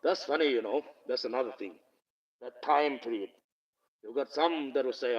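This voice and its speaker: A man's voice: mid-range voice, normal speed, distant mic, highs cut off. Rambling man on a phone stream. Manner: rambling, swears freely, laughs often. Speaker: livestream host. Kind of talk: casual live-stream chat. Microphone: phone camera.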